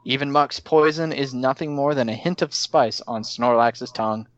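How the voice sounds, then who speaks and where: A man's voice: mid-range voice, normal speed, no echo, highs cut off. A man co-hosting a casual podcast, who speaks drily and likes to nitpick details. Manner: dry, nitpicking. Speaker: podcast co-host. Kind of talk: casual chat.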